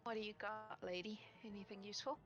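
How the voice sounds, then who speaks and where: A woman's voice: medium pitch, steady tone, fast talker, fairly bright tone, muffled recording, faint music behind. A woman running a tabletop game as game master, narrating playfully and laughing often.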